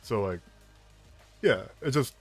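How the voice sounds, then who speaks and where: A man's voice: mid-range voice, slow, soft background music. A man who voices characters, chatting animatedly on a livestream and often restarting his sentences. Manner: animated and talkative, with frequent restarts and laughs. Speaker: voice actor. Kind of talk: casual chat on a livestream.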